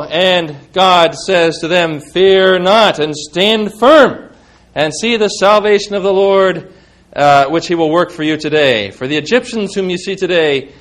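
A man's voice: high-pitched, a bit bright. A man preaching a sermon to his congregation, quoting scripture with rising emphasis and turning to the listeners with conversational questions. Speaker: pastor.

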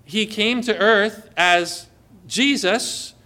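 Man, pastor, sermon, high voice, bright tone, emphatic, questions the congregation. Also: drawn-out words.

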